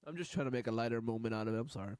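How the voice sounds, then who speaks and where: A man's voice: medium pitch, rapid-fire, a little mellow, clean tone, no room sound, soft background music. A man streaming live, reacting to videos in blunt, profane, rambling commentary.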